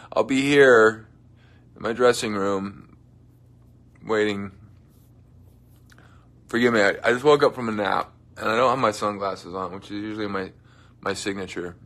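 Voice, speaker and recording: Young guy livestreaming from his dressing room, bright tone, jokey, drops to mumbles sometimes. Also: lowish voice, measured pace, long pauses. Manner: playful, joking, drifts into soft mumbles. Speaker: livestream host. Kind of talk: casual livestream chat reading comments.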